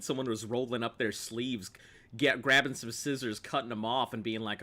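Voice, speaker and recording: A man's voice: medium pitch, a little fast, bright, forceful tone. A man streaming gameplay, joking playfully with his viewers and laughing often. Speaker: game streamer. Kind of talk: gameplay commentary chatting with viewers.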